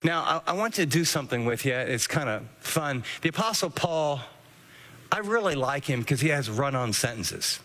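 A man's voice: mid-range voice, lively intonation, normal speed, bright, forceful tone, in a large hall. A man preaching a sermon, earnestly teaching and walking listeners through scripture verse by verse. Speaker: pastor.

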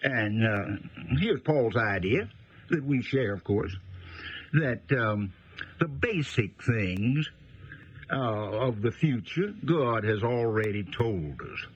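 A man giving a conversational Bible teaching, folksy and unhurried, pausing often with fillers. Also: medium pitch, lively intonation, breathy edge, lo-fi sound.

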